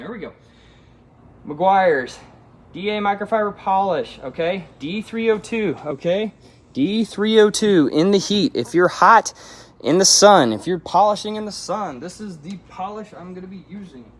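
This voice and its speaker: A man's voice: high voice, animated, moderate pace, reverberant, recorded from a distance. A man who is an auto detailer, giving a live how-to demonstration outdoors in the hot sun. He is out of breath from the heat and keeps checking in with viewers as he coaches them through each step. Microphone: phone camera.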